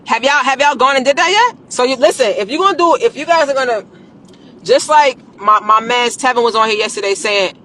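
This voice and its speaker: A woman streams a casual business talk, coaching her viewers on credit in a blunt, animated, slangy way and swearing freely. Her voice is bright and forward. Faint background noise runs under it. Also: medium pitch.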